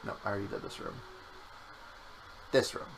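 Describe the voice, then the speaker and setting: A man's voice: moderate pace, a little hiss or hum, rough recording. A man streaming a game with his partner, chatting casually and joking around, sometimes breaking into silly voices. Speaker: co-host playing a game on stream. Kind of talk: casual gameplay chat.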